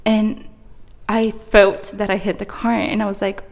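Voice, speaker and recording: A woman's voice: medium pitch, flat delivery, a little slow, vocal fry. A young woman co-hosting a podcast, telling a story in casual chat and laughing often. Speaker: podcast co-host. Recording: roomy hall reverb.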